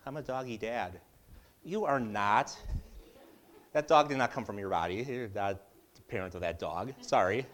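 A man's voice: fairly low pitch, animated, normal speed, fairly bright tone. A middle-aged man giving a casual Bible teaching in a conversational way, with joking asides and frequent restarts.

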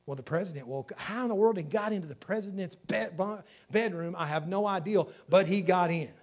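Guy preaching with a high voice, punchy and emphatic, tells stories from the pulpit. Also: fairly quick. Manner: emphatic, with surges in volume on key phrases; storytelling preacher. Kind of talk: sermon.

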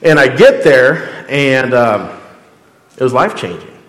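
A man's voice: mid-range voice, very animated, measured pace, roomy sound, in a large hall. A man, a pastor, giving a casual storytelling sermon, chatty and full of acted-out dialogue. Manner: conversational, acts out quoted dialogue, frequent "like".

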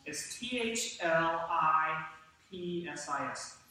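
A man preaching a sermon to his congregation with animated delivery and questions to the room. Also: fairly high pitch, takes it slowly, far from the mic, background noise. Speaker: pastor. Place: church sanctuary. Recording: echoey church hall from off-mic.

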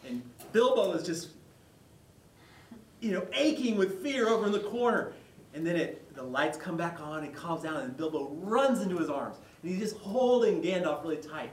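A male pastor giving a conversational sermon, retelling a story with lively quoted voices. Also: high-pitched, moderate pace, slight background noise. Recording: echoey hall, mic far off.

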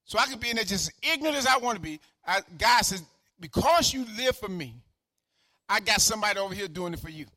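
Older male pastor, fiery repetitive sermon delivery, high bright voice. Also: animated, fast talker, no room sound, studio quality. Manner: fervent preaching, swings from shouting to quiet asides; repeats phrases for emphasis.

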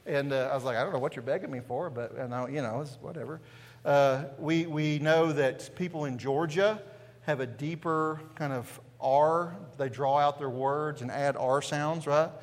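A man's voice: a little high, a little slow, big-room sound. A man from East Tennessee with a Southern Appalachian accent, preaching a sermon in a church and peppering it with rhetorical questions. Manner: conversational preaching with frequent rhetorical questions and "right?". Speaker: pastor. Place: church sanctuary.

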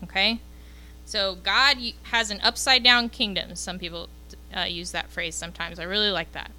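A woman teaches a youth group in a relaxed, chatty way, often pausing to ask the group "okay?" Her voice is very bright and forward, with a smooth, clear tone at a middle pitch. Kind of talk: casual Bible lesson to teens.

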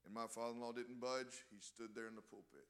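Preaching with passion, this man speaks fast in a mid-range voice with fairly even intonation. Key words often swell in volume, and he frequently restarts phrases.

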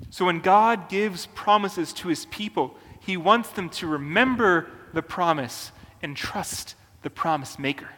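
A man preaching a sermon as a pastor, earnest and deliberate, with emphatic pauses. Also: sits high, sharp tone, long reverb tail.

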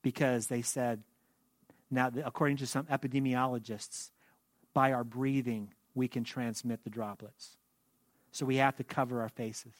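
A man preaching a sermon as pastor, speaking in a measured way that slows into hushed, prayerful reading. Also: mid-range voice, fairly even intonation, dry recording, clean studio sound.

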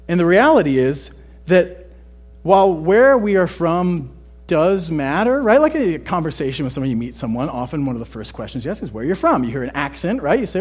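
Pastor, male, from Texas, no accent. Husky, a bit higher than typical. Chatty sermon delivery. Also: very animated, moderate pace. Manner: conversational, often adds "right?".

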